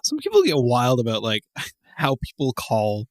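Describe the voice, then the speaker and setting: A man's voice: mid-range voice, huge pitch swings, moderate pace, no room sound, studio quality. A man co-hosting a podcast in casual chat, rambling with restarts, laughing and swearing as he tells old memories. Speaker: podcast co-host.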